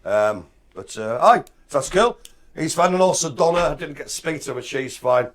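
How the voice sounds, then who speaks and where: A man's voice: a little high, normal speed. A man co-hosting a casual live stream, bantering and joking. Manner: jokey, lively banter. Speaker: co-host.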